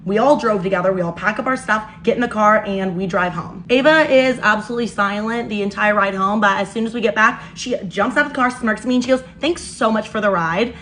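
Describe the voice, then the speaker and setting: A young woman in her twenties vlogging, telling an exasperated story in an animated way while doing her makeup. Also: medium pitch, fast, few pauses, slight background noise.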